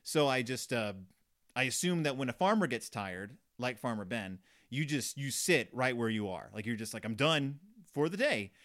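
A man's voice: medium pitch, animated, moderate pace, a bit bright. A man giving a casual, sardonic, rambling commentary on a children's book, joking as he goes. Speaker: book reviewer.

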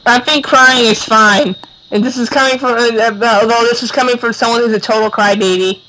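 A young podcast co-host in casual chat, soft-spoken and hesitant, full of fillers. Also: medium pitch, steady tone, brisk, poor audio.

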